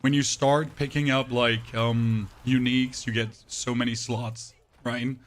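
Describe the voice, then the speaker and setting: A male game streamer chatting casually with his live chat, his voice temporarily deeper and rougher than usual, bantering and reading messages aloud with sarcastic asides. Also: flat delivery, a little slow.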